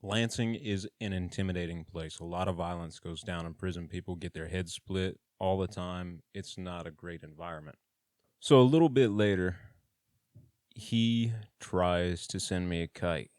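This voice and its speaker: A man's voice: deep voice, moderate pace, darkish tone, no echo, clean studio sound. A man casually telling his own story in a blunt, plain-spoken way, with swearing and slang.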